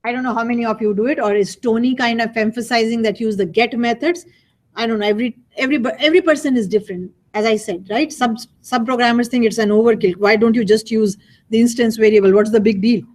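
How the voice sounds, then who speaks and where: A woman teaching programming in a classroom lecture. Her voice sits somewhat high, and her delivery is loose and conversational, with repeated phrases and rhetorical questions aimed at the students. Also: steady tone, quick pace, a little mellow. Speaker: college programming instructor.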